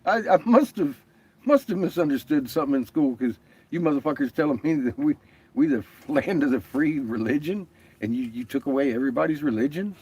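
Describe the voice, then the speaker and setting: A male vlogger chats casually in a voice on the high side, animated and brisk, with a darkish tone and a breathy edge. He tells stories full of swearing and laughter and acts out what other people said.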